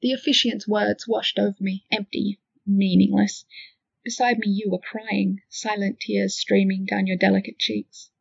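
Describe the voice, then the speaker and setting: A woman reading an emotional first-person story with a gentle, wistful delivery. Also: mid-range voice, little pitch movement, measured pace, vocal fry, breathy edge, dry recording. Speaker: fan fiction reader. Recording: dull lo-fi dry recording.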